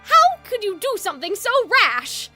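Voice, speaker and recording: A woman's voice: extremely high pitch, wildly swooping pitch, normal speed, loud music behind the voice, exaggerated voice. A woman voicing a strict, proud young male house warden who talks in a formal, clipped, stern way.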